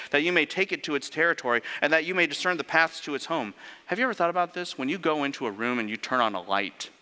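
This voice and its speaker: A man preaching a sermon in an animated way, firing off rhetorical questions and sarcastic asides. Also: a little high. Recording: long reverb of a large hall.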